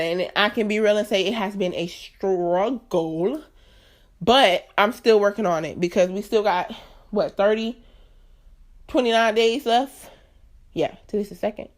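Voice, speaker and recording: Candid woman in her late twenties. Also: mid-range voice. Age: late 20s. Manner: earnest, emphatic, chatty, addresses listeners directly. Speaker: podcast host. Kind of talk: candid solo podcast talk.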